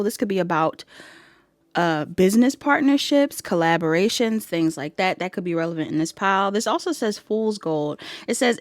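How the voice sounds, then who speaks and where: A woman's voice: mid-range voice, no echo. Chatty woman giving a tarot reading. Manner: giggly, chatty, addresses viewers as y'all. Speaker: tarot reader. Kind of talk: casual pick-a-card tarot reading.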